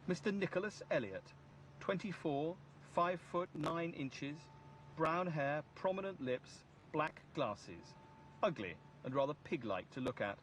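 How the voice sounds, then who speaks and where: A man narrating a documentary, reading a report in a measured, listing way. His voice is a little high, with a faint hum of noise underneath. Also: expressive, a bit bright.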